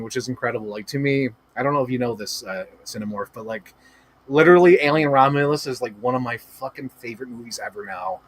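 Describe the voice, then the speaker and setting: A man hosting a livestream, talking in excited, rambling casual chat full of swearing and filler words. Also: medium pitch, dry recording. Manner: gushing, profane, rambling with many "like" fillers. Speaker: livestream host.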